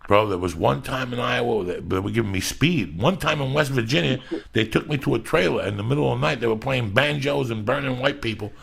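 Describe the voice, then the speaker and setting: A man's voice: medium pitch, fairly quick, few pauses, a little hiss or hum. A middle-aged man hosting a podcast, telling rambling, profane stories in a casual chat. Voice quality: gravelly, husky. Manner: loud, rambling storyteller, heavy swearing. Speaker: podcast host.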